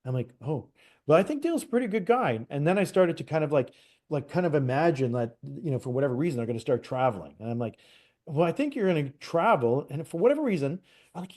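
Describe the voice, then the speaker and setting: A man's voice: a little high, fast talker. A man from Canada, a psychic medium, casually telling a personal story as an interview guest, acting out quoted dialogue with lots of restarts. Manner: animated retelling, acts out quoted dialogue, frequent "like" and restarts.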